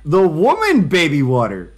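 A young man chats casually on a live stream while doing language drills, playful and excitable, his pitch leaping high whenever he crows about a win. At a moderate pace he laughs at his own jokes and comments on everything as he goes, with soft music faintly underneath.

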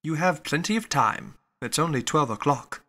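A man playing a shrewd, suspicious detective who questions in a measured, probing way. The voice sits lower and calmer than the rest of the reading, still clear and bright. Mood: curt. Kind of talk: audiobook character reading.

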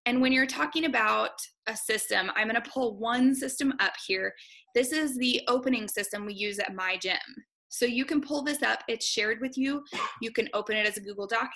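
A woman who owns a gym, giving an excited, casual webinar walkthrough of coaching resources with frequent ums. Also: on the high side, gravelly. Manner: excited, fast-talking, uses many ums. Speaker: gym owner and program coach.

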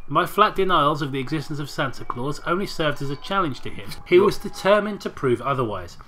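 A man's voice: on the high side, expressive, fairly quick, bright, forceful tone, a little hiss or hum. A man reading a story aloud with sarcastic joking asides. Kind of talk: comedic reading with banter.

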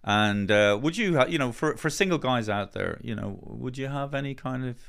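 An Irish man hosting a podcast in loose, teasing banter. His pitch is mid-range and moves around a lot. He swears freely and breaks into laughter. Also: lively intonation, moderate pace, creaky, fairly bright tone. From Ireland. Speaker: podcast host. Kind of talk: casual chat.

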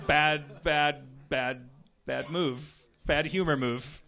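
Male podcast host, bright tone, loose joking riffs, laughs easily. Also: fairly high pitch, fairly even intonation, vocal fry. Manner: riffing, joking, quick to laugh. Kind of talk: live comedy podcast banter.

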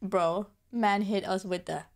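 A woman with a hoarse voice gushing excitedly as she reacts to a game trailer, with lots of exclamations and repeated outbursts. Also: medium pitch, unhurried, soft background music. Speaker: gaming reaction vlogger.

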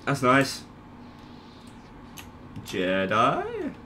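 A young man giving casual gameplay commentary, unhurried, swearing and laughing at his own plays. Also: mid-range voice, wildly swooping pitch, sharp tone, a little hiss or hum. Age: young adult. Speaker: gaming channel host.

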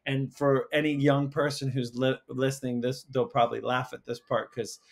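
A man, a school counsellor and podcast guest, telling a personal story in casual conversation, halting with many restarts and fillers. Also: medium pitch, little pitch movement, creaky.

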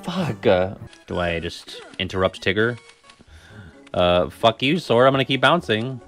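A man's voice: fairly low pitch, expressive, moderate pace, a bit bright, faint music behind. A man streaming video games, chatting casually with his viewers, joking and swearing freely. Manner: joking, profane, talks to chat. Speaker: gaming streamer. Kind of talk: casual gaming stream chat.

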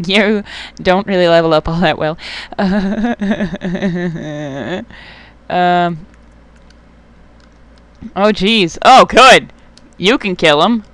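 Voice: mid-range voice, fairly bright tone, no room sound. A young adult gamer giving casual let's play commentary, swearing often, getting worked up and talking back to the game.

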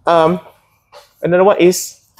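A woman's voice: fairly low pitch, level tone, unhurried, a little mellow, slight background noise. A woman teaching a botany class, often hesitating and putting questions to her students. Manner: hesitant, many fillers and restarts, asks students questions.

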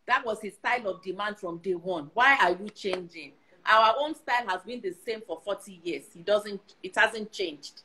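A woman's voice: medium pitch, moderate pace, hardly any pauses, pushed and bright, a little hiss or hum, poor audio. A Nigerian woman in her sixties giving earnest advice in casual conversation, often repeating herself for emphasis. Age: 60s. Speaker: guest.

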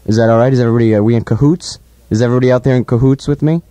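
A man's voice: medium pitch, steady tone, very fast, dark tone, no room sound. A young man hosting a college radio show from the studio, in irreverent casual banter. He talks in a mock-grandiose, profane way, often stammering and repeating words. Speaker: radio host. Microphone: studio mic, monitoring on headphones.

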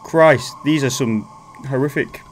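A man giving comedic, excitable horror game commentary, joking and swearing as he plays. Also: mid-range voice, a little slow, slight background noise. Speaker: gaming commentator.

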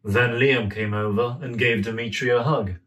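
A young man in a gentle, friendly manner, reading a children's story aloud at home. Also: mid-range voice, fairly even intonation, normal speed. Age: young adult. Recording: voice a bit far from mic.

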